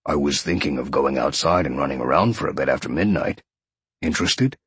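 A man's voice: rumbling low, lively intonation, fairly quick, a bit bright, slightly rough, no room sound, voice pushed down, exaggerated voice. A man voicing an earnest young male student who talks firmly and practically, in audiobook narration. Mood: rumbling.

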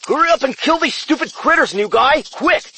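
A man's voice: fairly high pitch, very animated, normal speed, a little hiss or hum, pitched above the performer's own voice. A man voicing an arrogant, impatient young male gamer who sneers at his teammates. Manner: dismissive, bossy, sneering. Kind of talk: audiobook character voice.

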